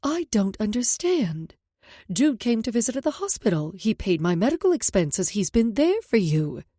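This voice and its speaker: A woman voicing a loving middle-aged mother who speaks softly and reassuringly. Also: medium pitch, sing-song, normal speed, no room sound, clean studio sound. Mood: gentle, caring. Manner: soft, reassuring.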